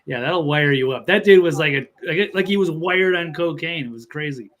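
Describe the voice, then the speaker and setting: A man's voice: fairly high pitch, moderate pace, fairly bright tone. A man co-hosting a casual podcast chat in an easygoing, laid-back way. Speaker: co-host.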